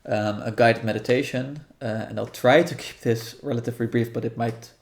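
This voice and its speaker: Guiding a meditation session as a guest, a man casually walks through how the practice will unfold, speaking calmly. His mid-range voice is creaky, and he thinks out loud thoughtfully and haltingly, often restarting and using fillers.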